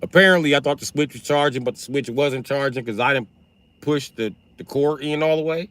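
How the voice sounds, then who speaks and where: A man hosting a livestream, talking in a casual, profane and animated way as he tells stories. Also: medium pitch, fairly quick, no room sound. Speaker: livestream host.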